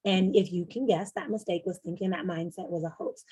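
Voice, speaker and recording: A young adult woman coach giving a casual, animated teaching talk, acting out little inner voices as she explains. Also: fairly low pitch, fairly quick, breathy edge. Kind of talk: teaching presentation.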